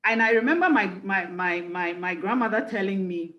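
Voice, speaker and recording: A woman's voice: medium pitch, moderate pace, hardly any pauses, roomy sound, highs cut off. Woman speaker for a conference talk, mid-range voice, earnest and reflective, leans on key phrases. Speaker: executive life coach and speaker.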